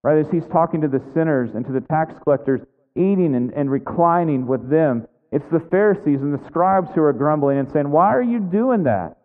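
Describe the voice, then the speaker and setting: A man preaching a conversational sermon, tossing in frequent "right?" asides and acting out the characters' lines. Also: brisk. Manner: acts out biblical characters' lines with shifting pitch. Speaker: pastor. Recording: echoey hall over a thin phone-like line.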